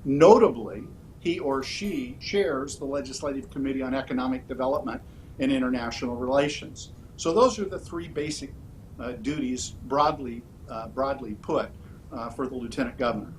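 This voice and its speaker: A man speaking as a political candidate in an interview, his voice sitting at an ordinary middle pitch. He lays out his answers in a measured, orderly way. Light background noise and a faint rumble run under his speech. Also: poor audio. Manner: measured, orderly, with frequent "uh" fillers.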